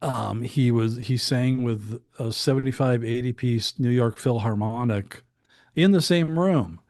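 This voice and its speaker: An older man in his sixties tells studio stories at an easy, wandering pace, circling back to his points. His voice sits at an ordinary middle pitch and comes across close and dry, with no room sound around it. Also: measured pace, no echo. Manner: anecdotal, relaxed, rambling storyteller. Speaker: guest, studio engineer. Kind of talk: casual storytelling interview.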